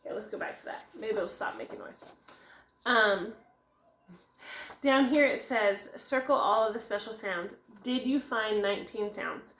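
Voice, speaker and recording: A woman's voice: mid-range voice, a little slow, a bit bright. A woman teacher giving a recorded phonics lesson, explaining step by step and answering her own questions. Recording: echoey room.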